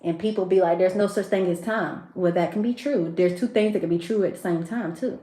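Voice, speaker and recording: A woman's voice: fairly low pitch, fairly quick, mellow, roomy sound. A woman reading tarot for her viewers, emotional and preachy, addressing them directly. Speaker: tarot reader. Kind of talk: spiritual tarot livestream.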